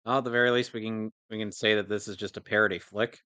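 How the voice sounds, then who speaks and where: A man's voice: fairly low pitch, fairly even intonation, quick pace, sharp tone, smooth, dry recording. A man riffing on a film with a co-host, making sarcastic quips at the screen. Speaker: movie commentary co-host. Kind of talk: casual movie riffing commentary.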